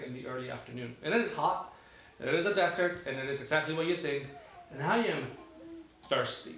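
A man preaching in a relaxed, conversational way, telling stories and tossing rhetorical questions to the congregation. His voice sits a little higher than most men's and rings through a very echoey room, with faint ambience behind it. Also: a little hiss or hum. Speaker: pastor. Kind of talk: sermon.

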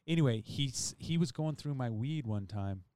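A man spins a loose, meandering story on a podcast, restarting sentences and swearing casually. His voice sits at an ordinary pitch, recorded close and dry with no room sound. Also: animated, moderate pace, warm tone, no room sound. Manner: rambling, laid-back storyteller with frequent restarts and swearing. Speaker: podcast host.

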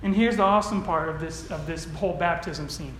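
A male pastor delivers a sermon from a church sanctuary, with a voice that sits notably high for a man. He tells stories earnestly and then drives his points home with emphatic declarations. The sound carries a roomy echo from the hall. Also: brisk, slight background noise.

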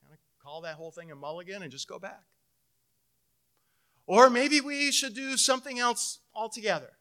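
A middle-aged man preaching a sermon as pastor, telling a personal story and swinging between loud emphasis and hushed, intimate moments. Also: very high voice, lively intonation, normal speed, clean tone.

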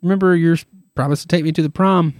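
A man doing a high anxious teen girl. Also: steady tone, quick pace, darkish tone, no echo, studio quality, close to an everyday voice. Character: excited teenage girl cheerleader, sweet and anxious.

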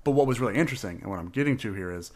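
A man's voice: on the low side, lively intonation, darkish tone. A man co-hosting a podcast, chatting casually and rambling with lots of jokes and laughs. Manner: rambling, jokey, quick to laugh. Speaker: podcast co-host. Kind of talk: casual chat about a tabletop character.

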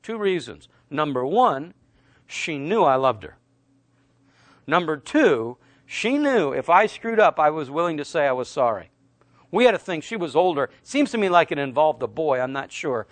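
Male preacher, middle-aged, high voice, emphatic and conversational. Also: big pitch swings, moderate pace, dry recording. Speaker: pastor. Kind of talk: sermon.

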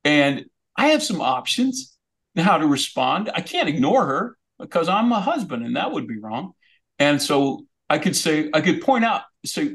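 Guest comedian, man, gravelly voice, lively comic delivery. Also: on the high side, normal speed. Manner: comic, animated storytelling. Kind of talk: storytelling chat.

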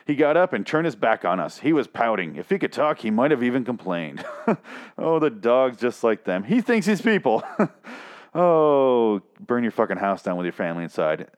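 A man's voice: mid-range voice, very animated, normal speed. A man reading an article aloud and mocking it with profane, incredulous rants. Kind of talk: comedic reaction commentary.

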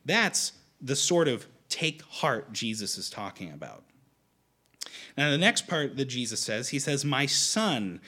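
Male preacher, lively pitch, bright tone, conversational, frequent restarts. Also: a little slow, breathy edge. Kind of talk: sermon.

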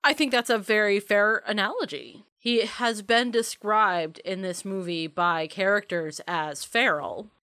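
A woman with a middle-pitched voice talks through movie details in a playful, chatty way and builds careful arguments. The sound is close and dry. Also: unhurried, hardly any pauses, bright, forceful tone, no room sound. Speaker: podcast co-host. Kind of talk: casual movie discussion.

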